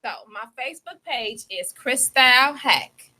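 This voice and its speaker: Chicago woman on the radio, bright and kinda high, upbeat and inviting. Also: a little slow, poor audio. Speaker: radio show co-host. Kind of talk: casual radio chat. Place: radio studio.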